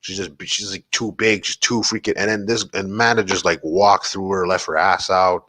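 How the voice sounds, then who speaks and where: A man with a fairly low voice hosts his own podcast in loose, rambling talk. He swears often and packs every sentence with fillers. The sound is dry and close, with no room around it. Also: level tone, normal speed, a bit bright, no room sound. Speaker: podcast host. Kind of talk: casual solo podcast chat.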